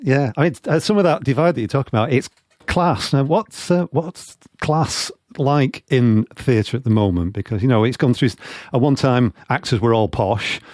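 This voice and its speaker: A man's voice: mid-range voice, moderate pace, a little mellow, dry recording, studio quality. A man interviewing a guest, asking questions in a conversational way and chiming in with short acknowledgements.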